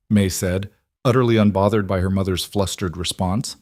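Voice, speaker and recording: A man narrating a western story in a steady, measured storytelling manner. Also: sits low, no echo, clean studio sound. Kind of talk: scripted audiobook narration.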